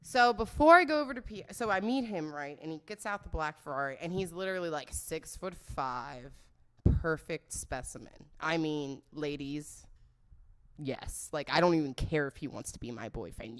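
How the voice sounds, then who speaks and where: A young woman hosting a podcast, telling a story in an animated, profane, joking way. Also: low-pitched, fairly quick. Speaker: podcast host.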